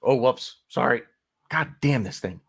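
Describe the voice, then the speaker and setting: A man's voice: mid-range voice, a little slow, creaky, husky. An American man co-hosting a casual football podcast, talking animatedly and often restarting his sentences. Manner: animated, with frequent restarts and repeated words. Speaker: podcast co-host.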